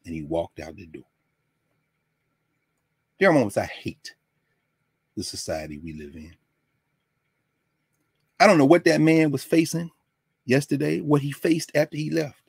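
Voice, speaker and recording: An older man from Tennessee telling a personal story in a lesson, animated and acting out the people he quotes. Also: a little high, a little slow, vocal fry, pauses often, slightly rough, no room sound, studio quality. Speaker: lecturer.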